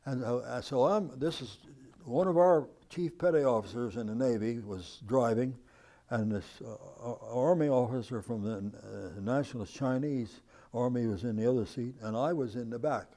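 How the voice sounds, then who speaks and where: A man in his nineties, from the United States, recounts his wartime memories to an interviewer. His voice is mellow and warm, at an ordinary pitch for a man, and he tells the story with animation, chuckling along the way. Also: moderate pace. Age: 90s. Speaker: veteran interviewee.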